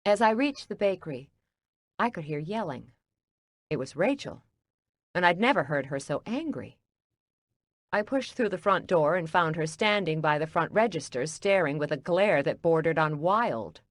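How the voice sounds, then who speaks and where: A woman reads an audiobook in a lowish, measured voice. Her delivery is steady and even, recorded close on a dry studio mic with no room sound. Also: dry recording. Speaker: audiobook narrator. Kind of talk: scripted audiobook narration.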